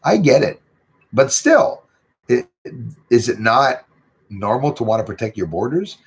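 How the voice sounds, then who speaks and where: A man's voice: medium pitch, sing-song, unhurried, husky. A middle-aged man, chatting casually and rambling with lots of fillers as host of his livestream. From Canada. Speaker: channel host reading live chat.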